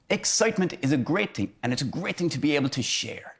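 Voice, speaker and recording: A man teaches children about emotions in a playful, animated way. His pitch leaps up and down as he acts out each feeling. He sits at a middling pitch for a man. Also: fairly quick, few pauses.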